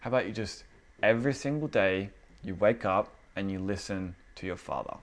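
A man's voice: on the low side, moderate pace. A man preaching to a small indoor group in a casual, conversational way, acting out the inner voices of his listeners. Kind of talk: casual informal sermon.

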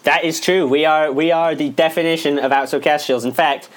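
A young man co-hosts a comedy podcast in relaxed, casual chat. He jokes a lot and often trips over his words as he talks. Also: a little high, fairly quick. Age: young adult. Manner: joking, stumbling over words. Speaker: podcast co-host.

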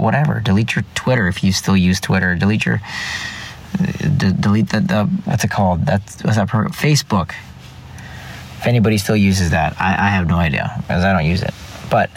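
A man speaking earnestly in a personal faith reflection, often repeating and restarting his phrases. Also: on the low side. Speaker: vlogger.

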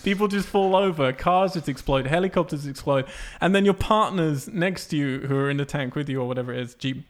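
A man on a casual talk show, ranting in an animated, profane way and breaking into laughs. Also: on the high side, a little fast. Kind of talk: casual chat.

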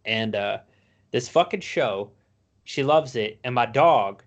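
Swearing man telling animated stories. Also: medium pitch, takes it slowly. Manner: profane, animated storytelling. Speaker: podcast co-host. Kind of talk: casual chat.

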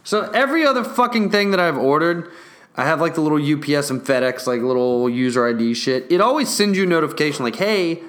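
Excitable, foul-mouthed young man ranting. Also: a little high, fast. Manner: profane, excitable, restless storytelling. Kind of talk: rambling casual rant.

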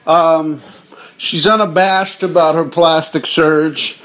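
A man's voice: on the high side, steady tone, slow, fairly bright tone. Rambling, jokey male podcast host. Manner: rambling, jokey, addresses listeners as gang. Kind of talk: casual comedic monologue over TV clips.

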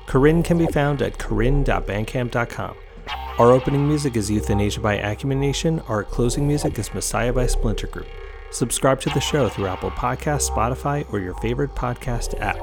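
Gravelly podcast host reading the credits. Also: male voice, mid-range voice, fairly quick. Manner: reads credits in an even, announcing way. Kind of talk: scripted outro announcement. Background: music.

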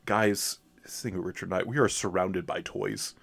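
A man co-hosting a podcast in casual chat, animated and laughing often, with quick bursts of mimicry. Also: low-pitched, gravelly, husky. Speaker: podcast co-host.

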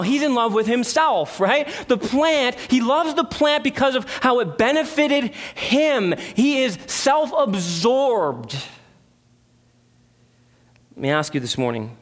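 A man preaching a sermon as pastor, emphatic, with rhetorical questions and repeated phrases. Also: extremely high pitch.

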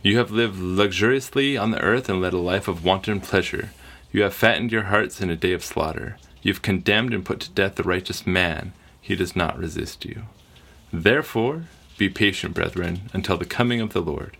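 A man with a very low, gravelly voice reading scripture aloud. He takes the verses in a measured, deliberate way. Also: a bit bright. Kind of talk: casual Bible study chat and scripture reading.

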